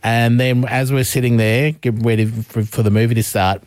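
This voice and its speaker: A man's voice: mid-range voice, level tone, normal speed, a little mellow, no echo. Chatty radio man, dry studio. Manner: chatty storyteller, laughs often, acts out quotes. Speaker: radio breakfast show co-host. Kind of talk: casual radio banter.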